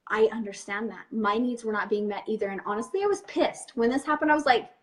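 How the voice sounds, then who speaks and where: A woman's voice: a little high, fast. A young woman hosting a webinar, talking candidly and directly to an audience of women in casual chat. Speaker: webinar host and coach.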